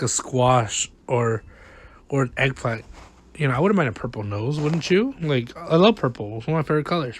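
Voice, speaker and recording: Brief: gaming vlogger, man, a bit high, rambling and exasperated, dry close mic. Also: dry recording. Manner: rambling, exasperated, self-mocking. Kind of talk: casual gameplay commentary. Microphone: close desk mic, no camera.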